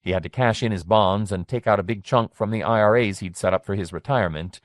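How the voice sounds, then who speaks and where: A man reading a horror story aloud in a steady, plain narrating voice, giving the characters light voicings. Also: on the low side, fast, no echo, clean studio sound. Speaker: audiobook narrator. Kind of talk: scripted narration.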